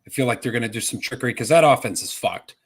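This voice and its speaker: A man's voice: medium pitch, animated, fast, breathy edge. A man co-hosting a sports podcast in casual chat, cursing freely and rambling with restarts. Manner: profane, rambling, with filler-heavy restarts. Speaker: podcast co-host.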